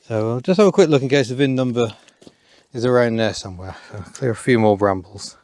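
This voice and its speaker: A man's voice: mid-range voice, brisk, a little mellow. Dry, rambling man outdoors. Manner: rambling, dry self-deprecating asides. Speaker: car vlogger. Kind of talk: casual commentary while working. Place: overgrown rural yard outdoors.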